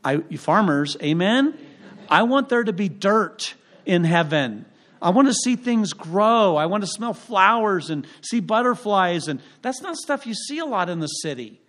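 A man's voice: high-pitched, sing-song, a little slow, fairly bright tone. A man preaching a sermon as pastor in a church, emphatic and throwing rhetorical questions to the congregation.

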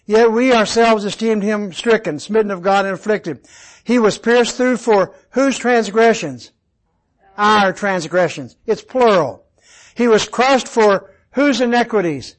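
Man, high-pitched, leading an interactive Bible study that leans on questions. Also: measured pace, poor audio. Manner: quizzes listeners with questions, repeats key words. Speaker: Bible teacher.

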